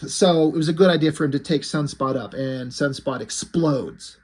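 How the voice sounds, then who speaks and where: Husky-voiced man recapping a comic. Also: fairly high pitch, moderate pace, darkish tone. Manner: irreverent and profane, acts out character lines. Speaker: comic book reviewer.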